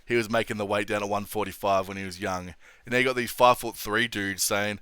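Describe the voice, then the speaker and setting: A man's voice: on the low side, steady tone, fast, bright, forceful tone, clear, resonant tone, dry recording, studio quality. A young man hosting a casual MMA opinion vlog, blunt and sweary, laughing often. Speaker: MMA commentary channel host.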